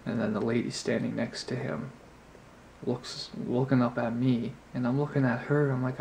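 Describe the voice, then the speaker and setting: A man tells a story straight to his camera in an easygoing, rambling way, leaning on filler words as he goes. His voice sits at a middling pitch with a gravelly, fry-edged texture. A faint background noise hums under the recording. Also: flat delivery, normal speed, darkish tone. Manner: rambling, heavy on "you know" fillers. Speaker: vlogger.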